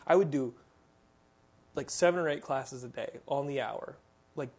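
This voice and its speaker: A man's voice: mid-range voice, normal speed, darkish tone. A man in his thirties from Texas, hosting a podcast and telling long, rambling stories full of fillers. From Texas, USA. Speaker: podcast host. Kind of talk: casual podcast chat.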